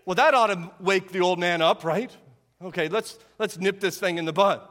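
A man's voice: high-pitched, steady tone, normal speed, a bit bright, long reverb tail. A male pastor giving a sermon in a conversational way, often asking "right?" to draw in his listeners. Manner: conversational preaching with frequent rhetorical "right?".

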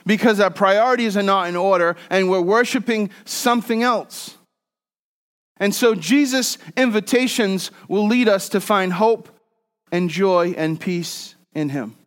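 A pastor preaching a conversational sermon, mixing scripture with joking personal stories and swinging between loud and soft. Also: male voice, sits high, unhurried, clean tone.

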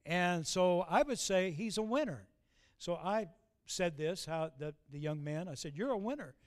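A man's voice: high voice, animated, normal speed. A middle-aged man, preaching a sermon with folksy, self-deprecating stories. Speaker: pastor.

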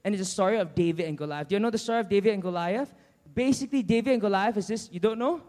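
A man preaching a sermon, telling a Bible story in an animated way and acting out its characters. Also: high-pitched, rapid-fire. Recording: long church hall reverb.

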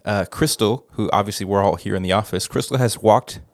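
A chatty, rambling man hosts a casual church podcast, his voice sitting fairly low. The sound is close and dry, with almost no room around it. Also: a little fast, no room sound. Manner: chatty, rambling, jokes at himself. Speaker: podcast host. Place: church office studio.

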